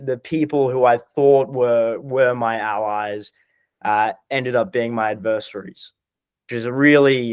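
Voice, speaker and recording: Hesitant young man, smooth dry voice. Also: medium pitch, dry recording. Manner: hesitant, full of restarts. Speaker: guest being coached. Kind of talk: casual podcast conversation.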